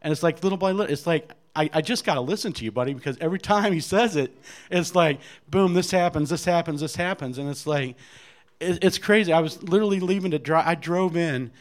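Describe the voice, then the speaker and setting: Guy giving his testimony up front, kinda high voice, acts out everyone in the story, lots of restarts. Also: a little fast. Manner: animated storytelling, acting out others' lines. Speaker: guest speaker giving testimony. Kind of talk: personal faith testimony to an audience.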